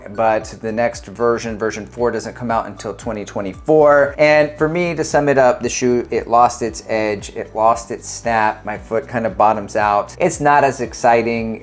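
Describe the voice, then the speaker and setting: A middle-aged man vlogging about running, talking casually and joking at his own expense, with fillers and restarts. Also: mid-range voice. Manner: jokey, self-mocking, chatty with fillers and restarts. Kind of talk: casual chat to camera.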